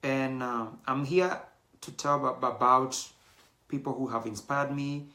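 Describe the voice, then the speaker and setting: Bright-voiced man hosting a show. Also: medium pitch, unhurried. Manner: animated, mixes in Swahili slang, many fillers. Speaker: show host. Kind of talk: casual talk to the audience.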